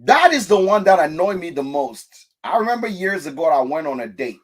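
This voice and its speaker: A man from France hosting a casual talk show, telling stories and correcting pronunciation with animated energy. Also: on the high side, a little fast. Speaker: podcast host. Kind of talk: casual chat.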